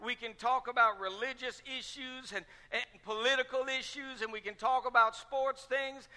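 A man's voice: very high-pitched, steady tone, normal speed, sharp tone. A man pastor preaching a sermon with fervent, repetitive rhetorical questions. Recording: long reverb of a large hall.

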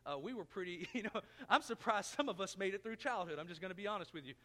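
Bright high-voiced preacher in a reverberant hall. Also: male voice, expressive, fast. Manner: folksy, self-mocking storyteller who acts out quotes. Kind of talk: sermon with personal storytelling. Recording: long reverb of a church hall.

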